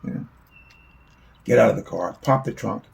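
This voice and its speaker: A man's voice: fairly low pitch, moderate pace, creaky, a little mellow. A man telling a long, rambling personal story in a casual spoken way, swearing freely.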